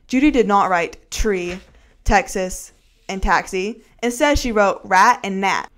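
A woman narrating a children's chapter book aloud with clear, expressive storytelling. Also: mid-range voice, unhurried. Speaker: student narrator.

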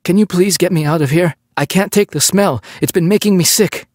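A man's voice: high voice, a little fast, no room sound, pitched above the performer's own voice. A man voicing a battered, scheming American man who pleads in a strained, raised voice, recorded close and dry. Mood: desperate.

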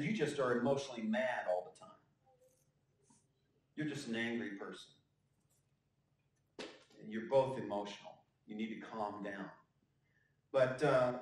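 A male pastor giving a conversational sermon with joking asides and frequent fillers. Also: fairly high pitch. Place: church sanctuary. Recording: echoey church hall, mic at a distance.

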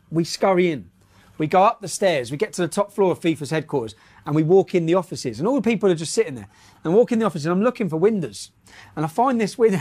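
A man giving casual news commentary and anecdotes in a brash, profane manner with laughing asides. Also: high voice.

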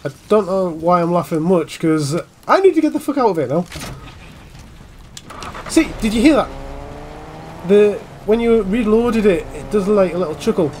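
A young man giving casual, jokey commentary while playing a game, swinging between muttering and yelling. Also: high voice, expressive, normal speed, long pauses, a little hiss or hum. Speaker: gaming channel host.

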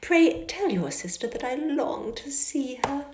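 A fawning young society lady with a high, gushing, sing-song voice that drops now and then into a breathy whisper, as a woman reads her out in an audiobook. The sound bounces around the small, echoey space of a car. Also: big pitch swings, a little slow, a little mellow.

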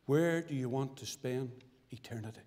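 A man from Northern Ireland giving his testimony as a sermon, with fervent preaching that swings sharply between loud and hushed. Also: mid-range voice, moderate pace. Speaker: testimony speaker at a church. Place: church hall. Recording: church recording with long reverb.

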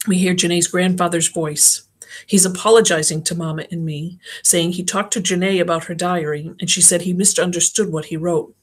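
Low-voiced woman reading a novel. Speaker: audiobook reader. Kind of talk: first-person novel narration.

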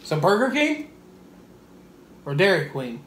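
A woman's voice: on the low side, sing-song, unhurried, roomy sound, heavy background noise. A woman hosting a taste test in casual chat, teasing and playful as she asks questions. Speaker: host running a taste test.

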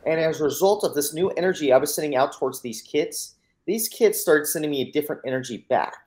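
A man's voice: fairly high pitch, lively intonation, fast talker, a little mellow. An American man, a mindset coach, telling his personal story as an interview guest in an earnest, emphatic way, acting out the dialogue and often repeating words as he starts. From United States.

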